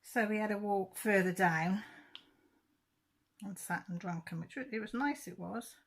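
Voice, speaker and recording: A woman's voice: mid-range voice, unhurried. A middle-aged woman chatting casually to camera, rambling and correcting herself as she goes. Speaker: crafting vlogger.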